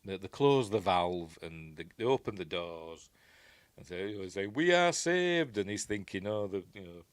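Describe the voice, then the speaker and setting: A man's voice: deep voice, moderate pace, a little mellow, dry recording. A man with a Yorkshire accent giving a rambling, chuckling commentary on a film, acting out quoted lines. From Yorkshire, England. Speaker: film reviewer.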